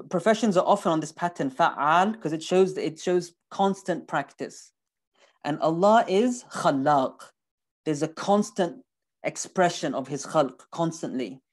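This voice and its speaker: A man giving a recorded lecture on scripture, talking animatedly and emphatically, with rhetorical questions and words repeated for emphasis. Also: a little high.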